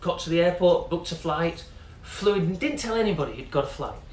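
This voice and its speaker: A man's voice: on the high side, lively intonation, brisk, a little mellow. A man telling a long story in a chatty, casual way, full of "you know" fillers and quoted voices. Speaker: company CEO telling a story. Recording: echoey room with faint noise.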